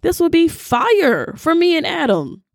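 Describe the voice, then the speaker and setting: A woman's voice: very high-pitched, very animated, a little slow, no room sound, studio quality, pitched above the performer's own voice, full character voice. A woman voicing Eve as a young woman daydreaming over fruit in a playful, musing way. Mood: dreamy.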